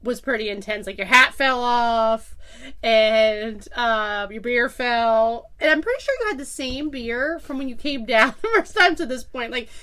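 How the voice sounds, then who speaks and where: High-voiced woman telling a lively story. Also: unhurried. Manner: animated, acts out quotes, laughs often. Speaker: podcast co-host. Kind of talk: casual storytelling chat.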